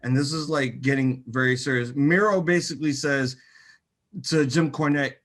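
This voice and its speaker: A young man co-hosting a casual wrestling chat show, excitable and animated, with many fillers. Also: medium pitch, normal speed. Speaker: co-host.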